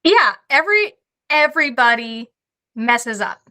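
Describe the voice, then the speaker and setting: A woman tells hunting stories as a podcast guest, her voice high and bright. She swears freely and laughs her way through the tale, talking casually. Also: sing-song, unhurried. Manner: profane, laughing anecdotes. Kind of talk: casual storytelling.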